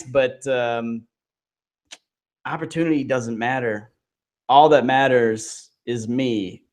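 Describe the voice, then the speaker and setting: A man co-hosting a casual wrestling podcast, ranting quickly and exasperated. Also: mid-range voice, steady tone, darkish tone. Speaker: podcast co-host.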